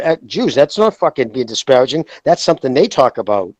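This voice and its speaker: A man's voice: medium pitch, very animated, a little fast, dry recording. A man co-hosting a casual podcast, talking bluntly and heatedly with heavy swearing. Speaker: podcast co-host.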